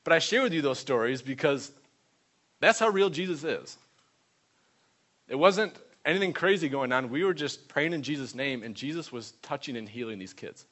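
A man preaching, telling a lively testimony story and acting out the people in it. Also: mid-range voice, normal speed. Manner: animated storyteller voicing others in quotes.

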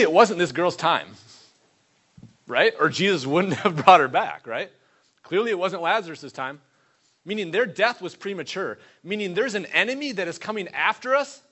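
A man's voice: high voice, bright, forceful tone. A man preaching a conversational sermon, stressing points with repeated questions and short reading passages. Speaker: pastor.

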